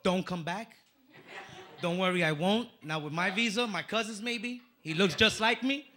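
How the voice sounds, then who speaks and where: A man from the Dominican Republic doing a stand-up comedy set on a club stage into a handheld mic, telling stories with punchy, animated delivery. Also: sits high, moderate pace. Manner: punchy, animated storytelling with acted-out voices.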